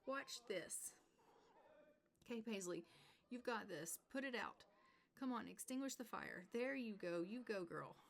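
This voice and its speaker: A woman hosting a gaming channel, narrating a life-sim game in a chatty, excitable way and laughing often. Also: medium pitch, moderate pace, gravelly. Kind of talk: let's play narration.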